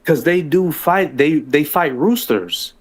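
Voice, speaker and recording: A man's voice: on the high side, lively intonation, takes it slowly. A man telling his own story as a guest on a livestream, rambling and profane, with frequent restarts.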